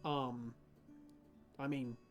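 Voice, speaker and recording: A man's voice: medium pitch, flat delivery, extremely slow, highs cut off, soft background music, pitched below the performer's own voice. A man voicing a grim male town representative who speaks plainly and somberly.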